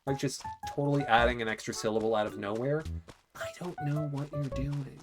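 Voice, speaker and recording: A woman's voice: extremely low pitch, moderate pace, soft background music. A woman streamer giving casual game commentary, chatty and playful, full of asides.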